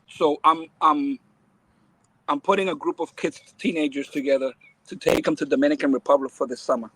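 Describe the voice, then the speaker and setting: A middle-aged man from the Bronx, a baseball academy owner, speaking as a podcast guest in an emphatic, animated way and laughing often. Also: mid-range voice, husky, no echo, low-quality recording. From Bronx, New York. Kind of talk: casual podcast interview.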